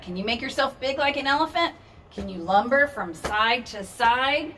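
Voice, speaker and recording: A woman's voice: a little high, moderate pace, recorded from a distance, slight background noise. Sing-song children's librarian woman. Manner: sing-song, animated, playful roaring. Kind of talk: storytime songs and rhymes for children.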